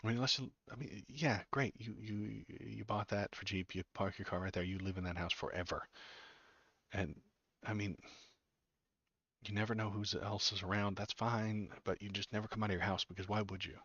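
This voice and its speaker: A man's voice: on the low side, steady tone, normal speed, a bit bright, husky, dry recording, lo-fi sound. A man hosting a casual political livestream, ranting with sarcastic, mocking disgust and chatting to his viewers.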